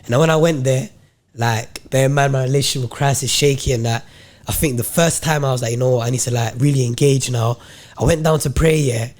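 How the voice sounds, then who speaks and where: A man's voice: medium pitch, a little fast. A young man on a podcast telling a faith story in casual slang, acting out what he thought and said. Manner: animated and slangy, acts out his own quoted thoughts. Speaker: podcast co-host.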